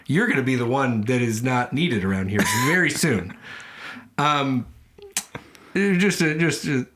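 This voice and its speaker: A man's voice: medium pitch, expressive, a little slow, noisy background. A man co-hosting a podcast, chatting casually about scripture with rambling jokes and playful quoted voices. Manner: rambling, joking asides, jumps into silly quoted voices. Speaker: podcast co-host. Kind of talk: casual comedic Bible discussion.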